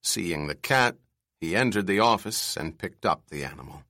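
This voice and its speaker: A man giving a measured, expressive audiobook narration of a novel. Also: low-pitched, dry recording, studio quality.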